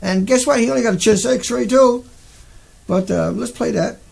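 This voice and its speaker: An agitated man hosts his own live stream. His voice sits high and is deeply gravelly and fry-laden. He circles back on his points and talks straight to his viewers. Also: normal speed, darkish tone. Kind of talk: casual live-stream rant.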